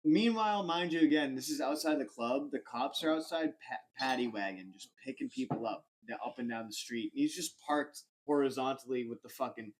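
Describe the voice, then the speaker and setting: A young man hosting a podcast, telling a rambling, animated anecdote full of fillers and swearing. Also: mid-range voice, a little fast, few pauses. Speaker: podcast host. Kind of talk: casual storytelling.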